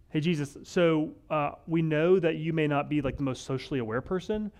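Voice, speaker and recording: A male pastor giving a conversational sermon, wry and animated, often acting out the lines of the people in the story. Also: a little high. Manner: conversational, wry, acts out quoted voices.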